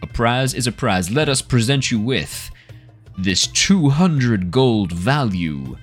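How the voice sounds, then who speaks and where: A man voicing a brash male contest announcer with quick showman patter, in a tabletop game. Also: big pitch swings, soft background music. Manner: showman patter, booming and brisk.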